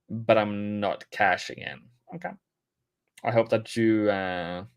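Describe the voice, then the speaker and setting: A man's voice: on the low side, clear, resonant tone, dry recording, studio quality. A man casually commenting on a live trading stream, rambling and chatting with viewers as he goes through the charts.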